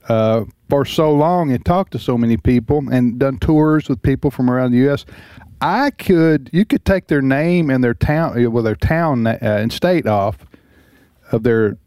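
A man's voice: mid-range voice, animated, measured pace, a little mellow, clean tone, no room sound. Male talk radio host, rambling and jovial, dry studio sound. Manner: rambling, laughs easily.

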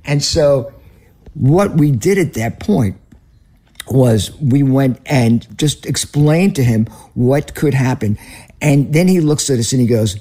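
A man's voice: mid-range voice, expressive, slow pace, dark tone. A man in his seventies with a Northern US accent, a ministry leader telling stories earnestly as a guest in an interview. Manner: earnest, storytelling. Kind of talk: conversational interview.

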